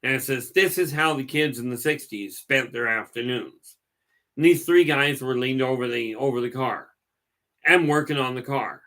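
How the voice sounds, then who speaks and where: A man's voice: mid-range voice, normal speed, fairly bright tone. A middle-aged man hosting a livestream, telling stories in a folksy, rambling way and often repeating his words as he goes. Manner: folksy, digressive, repeats words while talking. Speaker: livestream host. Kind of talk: rambling casual storytelling.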